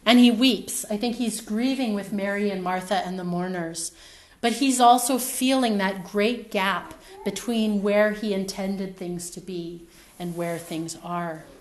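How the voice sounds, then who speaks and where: A woman preaching a sermon in a reflective, storytelling manner, her phrases trailing off softly. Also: mid-range voice, measured pace.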